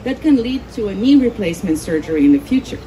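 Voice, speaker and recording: Mellow-voiced woman teaching an audience. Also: mid-range voice, lively intonation, fast talker, slight background noise, rough recording. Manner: explanatory, demonstrating on a volunteer. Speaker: speaker at a conference. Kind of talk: live talk to an audience.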